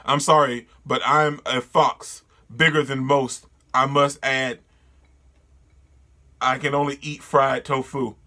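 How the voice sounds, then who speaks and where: A man's voice: mid-range voice, little pitch movement, takes it slowly, pushed and bright. A man reading the lines of a timid, awkward young male wolf student from a manga in a plain read-aloud voice. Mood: nervous.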